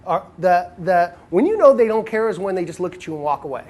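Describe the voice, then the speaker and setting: A man coaching other men on dating, telling stories and acting out quoted lines in a casual, animated way. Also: high voice, fast. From United States.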